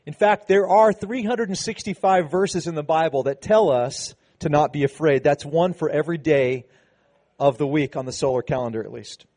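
Conversational preaching man, slightly high voice. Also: normal speed, darkish tone. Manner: conversational preaching with frequent restarts, building to emphatic passages. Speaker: pastor. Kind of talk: sermon.

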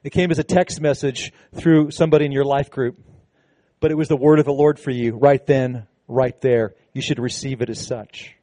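A man preaching a sermon to his congregation, animated and conversational, with casual asides. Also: medium pitch, moderate pace, no echo. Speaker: pastor. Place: church service with a congregation.

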